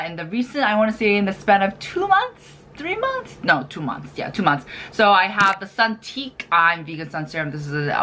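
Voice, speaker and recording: A woman vlogger chatting casually about skincare products she has used up, animated and full of fillers. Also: lowish voice, a little hiss or hum. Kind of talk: casual product review chat.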